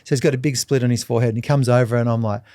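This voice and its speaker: Australian man telling a lively story. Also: medium pitch, very fast, no echo. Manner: lively storyteller who acts out quoted voices. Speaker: podcast host. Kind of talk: casual anecdote telling.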